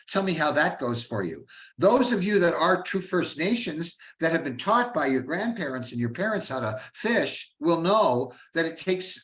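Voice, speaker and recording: A man with a fairly high voice gives an informal history lecture. He talks in a chatty way, drops in asides and rhetorical questions, and often trails off into fillers. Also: fairly bright tone. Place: Canada.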